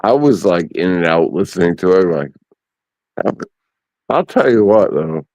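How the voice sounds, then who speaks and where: A man's voice: deep voice, sing-song, unhurried, a little mellow, no echo. A man co-hosting a casual live-stream chat, playful and teasing.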